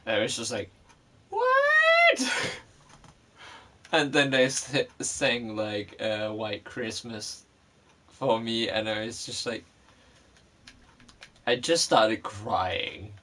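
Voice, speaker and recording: Man vlogger, low voice, unhurried, rambling casual story full of fillers and cursing. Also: fairly even intonation, a bit bright.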